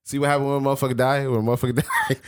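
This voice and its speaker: A man's voice: mid-range voice, rapid-fire. A man co-hosting a podcast in casual chat, telling stories with lots of cursing and laughter. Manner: animated storytelling, cursing and laughing. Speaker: podcast co-host.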